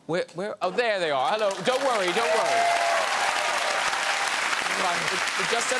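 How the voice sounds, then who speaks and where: A man's voice: high-pitched, animated, moderate pace, pauses often, over a noisy crowd. A man with an Irish accent hosting a talk show, playfully teasing his guests with questions. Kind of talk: chat show interviewing. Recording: loud studio audience and noise.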